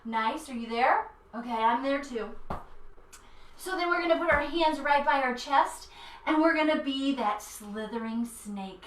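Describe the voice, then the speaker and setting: A woman's voice: high-pitched, measured pace, slight background noise. A woman guiding a children's yoga class in a playful, encouraging way. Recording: roomy echo, mic at a distance.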